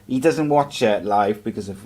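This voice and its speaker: A man's voice: lowish voice, normal speed, noisy background. A man hosting a casual podcast, chatting loosely with many fillers and restarts. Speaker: podcast host. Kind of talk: casual banter, reading listener messages.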